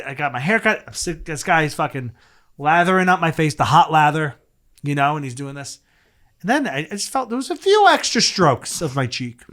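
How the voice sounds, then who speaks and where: A man's voice: medium pitch, a bit bright. A man, a comedian guest, telling a rambling, profane story in casual podcast chat. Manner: profane, rambling anecdote with frequent laughs and restarts.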